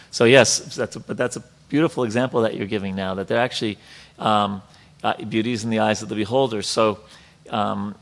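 A man leading a scripture class, reading passages aloud and explaining them in a reflective, conversational way with frequent pauses. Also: lowish voice, vocal fry, a bit bright. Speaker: class leader.

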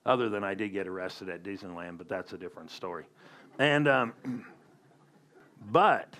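A man's voice: on the low side, fairly bright tone. A man preaching a sermon as a pastor, emphatic with conversational asides.

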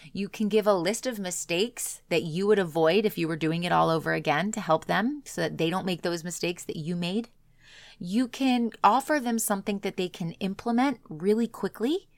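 A woman coach speaks earnestly to her audience, pressing her points with emphasis. Her voice has a gravelly fry at the edges. The recording is dry and close, with no room sound. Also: fairly low pitch, dry recording. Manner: earnest, emphatic, acts out quoted reactions. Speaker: business coach. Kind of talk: motivational solo talk.

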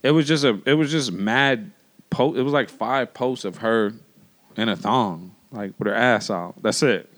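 A man's voice: medium pitch, unhurried, fairly bright tone. A man hosting a casual chat, laid-back and laughing often, with lots of fillers. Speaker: podcast host.

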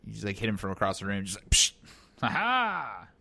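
A man's voice: lowish voice, monotone, rapid-fire, creaky, fairly bright tone. A man in casual conversation, joking and teasing playfully. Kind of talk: casual chat.

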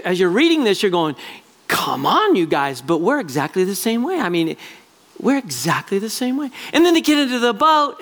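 A man preaching a sermon as pastor, animated and acting out little quoted voices as he talks. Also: very high voice.

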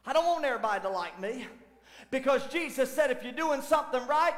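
A middle-aged man and lead pastor preaching a fervent sermon, swinging between loud exclamations and low asides. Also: fairly quick. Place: church sanctuary. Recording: echoey church hall with long reverb.

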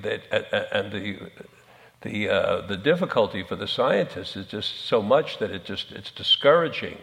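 A man speaking on a conference panel, halting and repeating words as he thinks. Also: fairly low pitch, a bit bright. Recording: long hall reverb.

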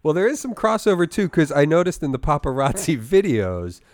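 A man's voice: a little high, very animated, a little fast, no room sound. A man co-hosting a casual podcast, enthusiastic and laughing often as he chats with a guest. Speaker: podcast co-host.

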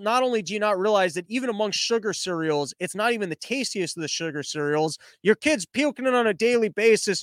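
A man's voice: high voice, fairly bright tone, dry recording. A man hosting a podcast, ranting through political commentary in a sarcastic, profane, mocking way. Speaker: podcast host.

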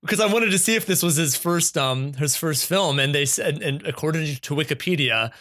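A man's voice: on the high side, expressive, normal speed, sharp tone. A man chiming into a casual movie chat, a little hesitant.

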